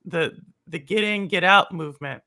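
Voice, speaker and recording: A woman hosting a casual chat, reacting with expressive exclamations and teasing her guest. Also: fairly low pitch, moderate pace. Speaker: host.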